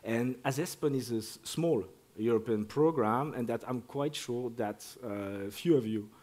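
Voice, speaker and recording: A man's voice: mid-range voice, measured pace, darkish tone. A man, a project director, presenting at a conference, often repeating words as he restarts phrases.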